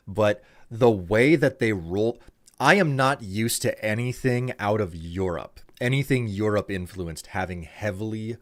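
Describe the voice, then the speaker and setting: A man's voice: on the low side, expressive, measured pace. A man streaming live, giving casual commentary and thinking aloud with frequent restarts.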